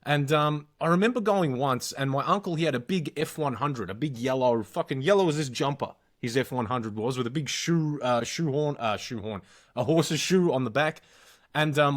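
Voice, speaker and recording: An Australian man co-hosts a casual podcast, telling long anecdotes peppered with swearing. His voice sits at an ordinary middle pitch and stays relaxed and chatty. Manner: swears freely, animated anecdotes. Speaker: podcast co-host. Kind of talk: casual storytelling chat.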